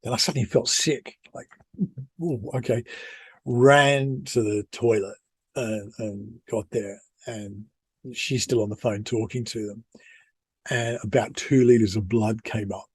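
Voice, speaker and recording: A man's voice: lowish voice, fairly even intonation, a little slow, husky, no echo. A middle-aged British man co-hosting a podcast, telling a personal story in a casual, rambling, self-deprecating way with many restarts. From United Kingdom. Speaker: podcast co-host.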